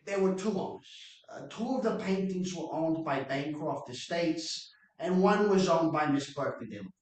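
A man's voice: fairly high pitch, expressive, normal speed, pitched above the performer's own voice, natural voice. Brash, slangy streetwise witness played by a man for a mock trial; very echoey, distant mic. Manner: folksy, slangy grammar. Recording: echoey room from far off.

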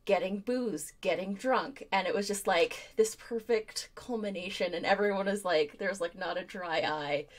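A woman's voice: medium pitch, normal speed, hardly any pauses. A woman co-hosting a live stream, chatting casually and rambling with many fillers. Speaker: co-host. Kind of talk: casual chat.

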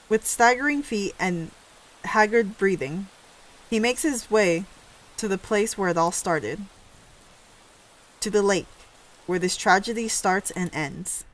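A woman's voice: medium pitch, expressive, unhurried. A woman narrating a story game aloud, reading dramatically and breaking in with reactive asides.

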